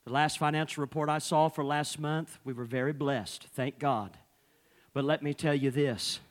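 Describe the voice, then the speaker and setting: A man's voice: on the high side, fairly even intonation, moderate pace. A male pastor preaching a fervent sermon, opening nearly every phrase with "uh".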